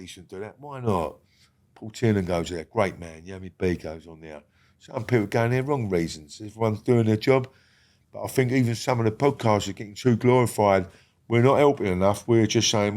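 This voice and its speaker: A middle-aged man, a guest in a casual podcast interview, talking bluntly with lots of swearing and often dropping to a quiet murmur. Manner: blunt and heavy on swearing, drops to a low murmur.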